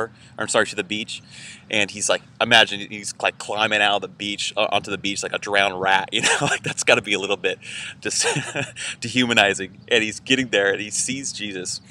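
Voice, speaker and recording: A man's voice: on the low side, bright, forceful tone, slight background noise. A man pastor giving an informal weekend sermon, casual and conversational with many fillers. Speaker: church pastor.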